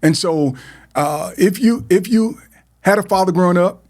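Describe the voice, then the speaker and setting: A man's voice: sits high, moderate pace, a little mellow. A middle-aged man hosting a podcast, speaking earnestly about his life in a heartfelt personal talk, often repeating words and starting over. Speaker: podcast host.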